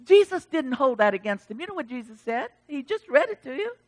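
A woman pastor preaching with fervor, swinging from loud exclamations to soft pleading during an altar call. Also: sits high, big pitch swings, a little fast.

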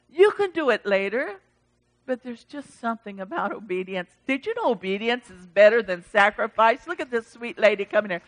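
A woman pastor preaching with fervor, swinging from loud exclamations to soft pleading during an altar call. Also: on the high side, very animated, normal speed.

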